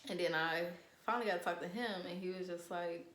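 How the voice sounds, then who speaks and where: A young woman in casual storytime chat, animated and profane, acting out what people said. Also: lowish voice, brisk, roomy sound. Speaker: vlogger.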